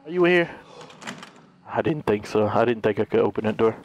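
A young let's play gamer narrates a horror game live, jittery and profane, letting out yelps at jump scares. He speaks at a fairly low pitch and sounds expressive. His pace is normal, broken by long pauses.

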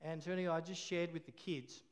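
A man's voice: on the high side, steady tone, fast. A man preaching a sermon, telling a story with laughs and call-and-response.

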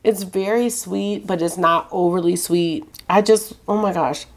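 Chatty, low-voiced woman reviewing perfumes. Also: steady tone, unhurried. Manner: chatty and enthusiastic, lists notes. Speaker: beauty vlogger. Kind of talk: casual fragrance review.

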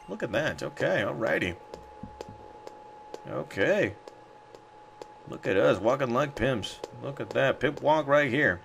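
A man's voice: medium pitch, animated, unhurried, creaky, pauses often, a bit bright, slight background noise. Hyped man narrating his game. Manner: hyped, boastful, repeats catchphrases. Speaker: game commentator. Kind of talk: let's play commentary. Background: game music.

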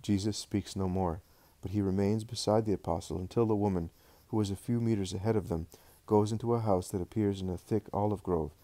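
Calm man narrating a devotional book. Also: on the low side, fairly quick, hardly any pauses, dry recording. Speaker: audiobook narrator.

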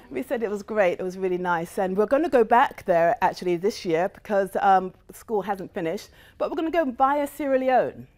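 A middle-aged woman addresses an audience with a lively, swooping voice that rises and falls. She tells her story with animation and drops briefly into the voices of the people she quotes. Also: mid-range voice, normal speed, few pauses. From United States. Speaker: guest speaker. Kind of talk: motivational talk to a live audience.

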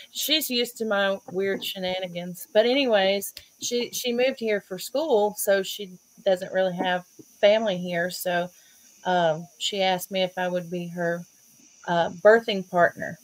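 A woman with a Southern US accent, hosting a stream and telling stories in a casual, animated way, laughing often. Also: medium pitch, measured pace. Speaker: host. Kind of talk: casual storytelling chat.

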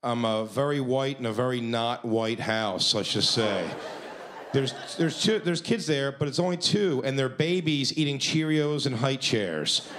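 Brief: male comic on stage, swearing casually and laughing through his lines, mid-pitched, live club noise behind. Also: expressive, a little slow. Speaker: stand-up comedian. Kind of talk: stand-up storytelling.

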